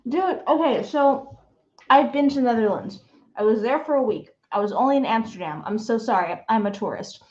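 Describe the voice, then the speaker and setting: Enthusiastic young woman streamer, slightly high-pitched, chatty; dull, low-fi mic sound. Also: lively intonation, fairly quick, darkish tone. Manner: chatty, enthusiastic, repeats herself. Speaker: streamer host. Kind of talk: casual live-stream chat.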